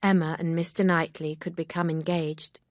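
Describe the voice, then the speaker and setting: A woman narrating a graded-reader audiobook in a calm, steady reading voice. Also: low voice, normal speed, no echo, clean studio sound.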